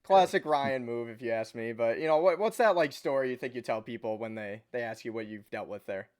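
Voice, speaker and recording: A man's voice: mid-range voice, fairly quick, clear, resonant tone. Easygoing male podcast host. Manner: relaxed, loose interviewer with filler phrases. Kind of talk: casual chat.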